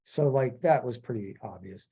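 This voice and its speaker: Brief: male podcast host, casual rambling chat, lively delivery, muffled low-fidelity recording. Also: moderate pace, slightly rough. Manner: rambling, animated, acts out quotes. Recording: dull lo-fi audio.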